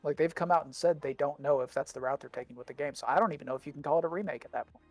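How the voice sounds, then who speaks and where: A man's voice: a little high, very fast, darkish tone, no echo, faint music behind. A man co-hosting a gaming podcast in casual chat, rambling and repeating words as he thinks, with the hiccups. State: has the hiccups. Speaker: podcast co-host.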